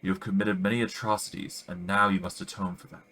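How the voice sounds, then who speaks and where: A man voicing a calm, stern woman priestess of death in a video game, speaking in a solemn, measured way. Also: low-pitched, full character voice.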